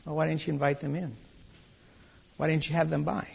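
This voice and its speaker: A man preaching a conversational verse-by-verse sermon, dropping soft and low, then rising to loud, high exclamations. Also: flat delivery, brisk, gravelly, breathy edge, dull audio. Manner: conversational, with restarts and asides. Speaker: pastor. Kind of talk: expository sermon.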